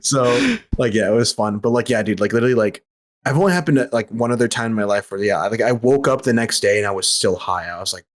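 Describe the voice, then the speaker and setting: A man's voice: fairly low pitch, fast. A young man telling a story as a guest on a casual podcast, rambling with lots of filler words and slang.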